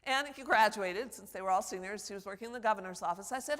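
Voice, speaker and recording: A woman's voice: medium pitch, fast, few pauses. A woman teaching public speaking at a conference, lecturing and acting out quoted voices as examples. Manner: animated, acts out quoted voices. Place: conference hall. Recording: long hall reverb.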